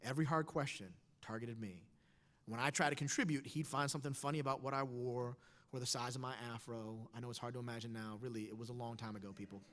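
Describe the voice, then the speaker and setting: A man in his thirties telling a personal story on stage with wry, animated delivery, quoting others in changed voices. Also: mid-range voice, fast talker. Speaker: speaker. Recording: long hall reverb.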